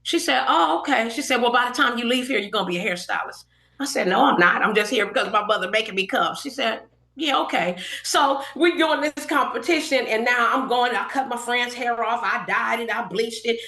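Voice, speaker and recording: With a fairly high voice and a fairly quick pace, a middle-aged Los Angeles woman appears as a podcast guest telling a story. She animatedly voices all the people in it during this casual interview, recorded in an echoey, roomy podcast room.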